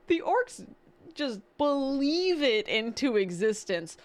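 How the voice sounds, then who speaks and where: High, lively woman streamer reacting. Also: takes it slowly. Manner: animated, exclaims and laughs, talks to chat as "guys". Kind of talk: excited live reaction commentary.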